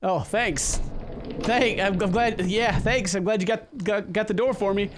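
Excitable high-voiced gaming commentator man. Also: unhurried, background noise. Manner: goofy, excitable, yelling and joking at the game. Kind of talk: let's-play commentary.

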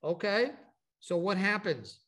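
Speaking slowly in a high, fairly bright voice, a middle-aged man from Texas presents informally to a group at an advocacy training event. His talk is chatty and story-based, with frequent asides and restarts.

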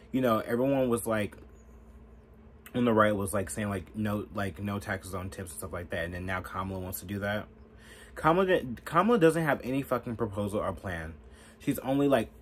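A man's voice: on the low side, slight background noise. A man ranting through political commentary in a heated, profane way, filling his talk with "like". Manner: profane, heated, lots of fillers.

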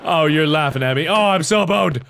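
A young man giving commentary on a horror game, drifting between low mutters and sudden yells. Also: a little fast, creaky, a little hiss or hum. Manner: jumpy, swings from mutters to yells. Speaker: gaming video host.

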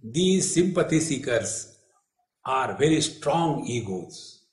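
Swami in an echoey hall. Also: male voice, mid-range voice, sing-song, slow pace, darkish tone. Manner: humorous storytelling with acted quotes. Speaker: spiritual teacher. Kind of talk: spiritual retreat discourse. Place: retreat hall.

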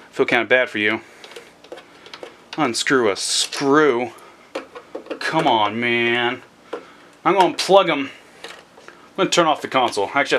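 Young man, out of breath, excitable rambling talk, bright tense voice, faint noise behind. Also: mid-range voice. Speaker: repair video host. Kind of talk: casual repair tutorial.

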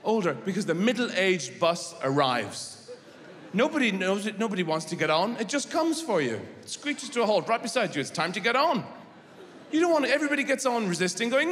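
A man doing a stand-up comedy routine in a rambling, deadpan way, bursting into shouted silly voices. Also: high-pitched, brisk. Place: large theatre stage. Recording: live hall with audience noise.

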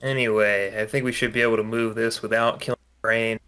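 Man player in a tabletop game, bright tone, placating. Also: lowish voice, flat delivery, a little fast, clean tone. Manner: reasoning, placating, hedging. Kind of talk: tabletop role-play banter.

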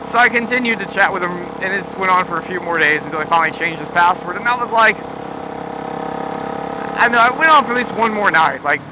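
High-voiced young man rambling profanely. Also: animated, quick pace. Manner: profane, rambling, laughing often, many fillers. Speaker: vlogger. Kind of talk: casual storytelling vlog. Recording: clear background noise.

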